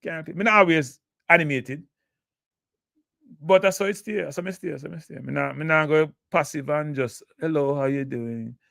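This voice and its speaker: A man's voice: fairly high pitch, a little fast, gravelly, pushed and bright, no room sound, clean studio sound. A Jamaican man hosting a live football talk show, blunt and emotive, answering chat comments.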